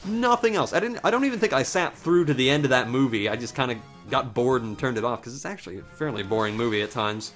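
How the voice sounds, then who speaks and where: A man's voice: medium pitch, expressive, quick pace, few pauses, fairly bright tone, soft background music. A young man casually commentating a game while telling a long rambling story, swearing freely and reacting with sudden exclamations. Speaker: let's play commentator.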